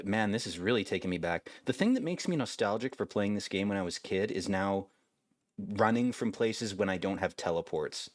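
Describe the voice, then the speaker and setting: A man rambles through a laid-back let's-play commentary and swears casually. His voice sits on the low side, and the recording is dry and close. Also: dry recording. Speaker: gaming video host.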